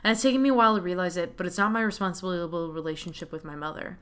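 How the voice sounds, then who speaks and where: A high school senior talks candidly and bluntly about her family in a game scene. A woman voices her with a slightly low pitch. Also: very fast, fairly bright tone, clean tone, lightly acted. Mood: reflective.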